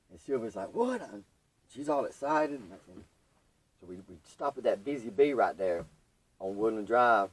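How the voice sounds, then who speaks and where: Young guy, husky voice, animated storyteller, set back from the mic. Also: on the low side, normal speed, far from the mic, poor audio. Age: young adult. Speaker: podcast guest. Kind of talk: telling his recovery story.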